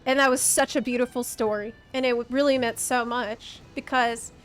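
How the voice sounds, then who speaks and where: High-voiced woman, impassioned streamer. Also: steady tone, moderate pace, fairly bright tone, faint music behind. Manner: impassioned, exasperated, sarcastic. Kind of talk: live-stream rant to chat.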